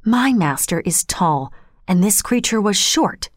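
A woman's voice: mid-range voice, animated, unhurried, no room sound, studio quality. A woman voicing a loyal, anxious middle-aged male butler who speaks earnestly and pleads.

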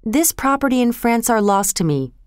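A woman voicing an earnest, troubled young nobleman in a storybook reading, with a smooth, clear voice. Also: on the high side, big pitch swings, normal speed, dry recording, studio quality, pitched above the performer's own voice. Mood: resolute. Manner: earnest, pleading.

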